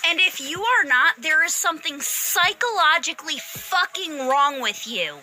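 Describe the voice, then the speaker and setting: A woman's voice: sits high, bright, forceful tone. A woman delivering an angry, profane political rant, hammering her words with heated emphasis. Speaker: political commentator.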